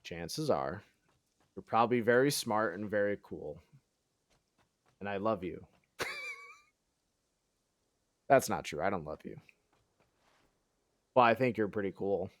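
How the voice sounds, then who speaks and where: A man's voice: lowish voice, animated, slow, pauses often, dry recording. A man chatting casually while streaming a game, sarcastic and mock-boastful, swearing and thinking aloud. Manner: sarcastic mock-bragging, self-deprecating. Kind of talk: casual live-stream chat while gaming.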